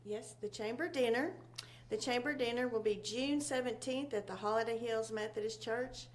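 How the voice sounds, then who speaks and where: A woman from a local chamber of commerce chatting casually, rambling and halting with many fillers. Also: a little high. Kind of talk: casual local talk show chat.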